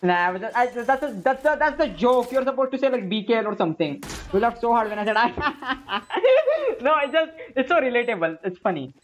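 A young woman, live-streaming games and chatting casually, excitable and swearing at the game. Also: fairly high pitch, a little fast, hardly any pauses. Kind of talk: casual live-stream chat while gaming.

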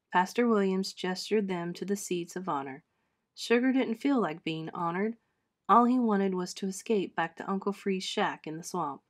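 A woman teacher reading a children's storybook aloud, expressive, lifting her voice for the characters' lines and dropping it softly for narration. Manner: expressive, voices characters with pitch lifts and soft drops.

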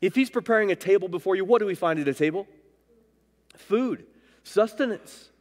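An animated male pastor with a high-pitched voice preaches at a moderate pace. He leans on big rises and drops for emphasis, and the church hall carries his words in a long reverb.

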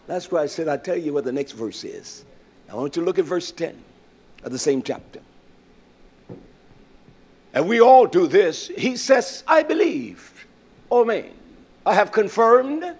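Slow, high-voiced man preaching a sermon. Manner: emphatic, repetitive, slow and drawn-out phrasing.

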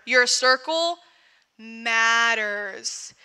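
Bright-voiced young woman giving testimony. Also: fairly high pitch, normal speed, long reverb tail. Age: young adult. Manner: conversational, fills with "like" often. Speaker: speaker at young adults service. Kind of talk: personal testimony sermon.

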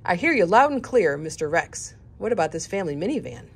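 A woman voicing a flustered middle-aged male car dealer with an eager sales pitch. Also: sing-song, fairly quick, creaky, breathy edge, exaggerated voice.

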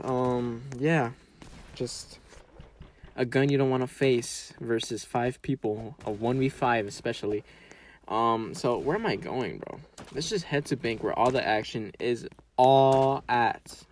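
Excitable young-sounding gaming commentator man. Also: mid-range voice, slight background noise. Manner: excitable, swings between mumbling and yelling; casual slangy chatter to viewers. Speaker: mobile game streamer. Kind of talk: gameplay commentary.

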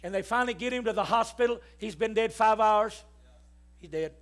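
Male pastor, high voice, storytelling sermon with shouted calls to the congregation. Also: fairly quick. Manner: storytelling preacher, rising to shouts, call-and-response with the congregation. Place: church.

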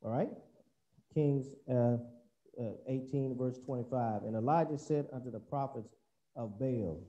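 A man's voice: medium pitch, a little slow, warm tone, dull audio. A man preaching a sermon, reading scripture and explaining it in a conversational, folksy way. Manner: conversational, folksy asides, restarts while explaining.

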